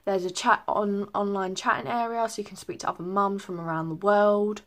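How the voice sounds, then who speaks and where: A woman's voice: mid-range voice, steady tone, normal speed. A young woman chatting casually in a pregnancy update vlog, rambling with many ums. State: a little out of breath. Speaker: vlogger.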